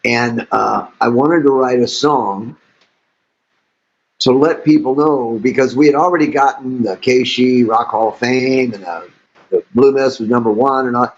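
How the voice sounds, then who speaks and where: An older man, a musician guest, telling animated stories in an interview with frequent laughter. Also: mid-range voice. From St. Louis, USA. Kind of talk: storytelling interview. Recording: dull lo-fi audio.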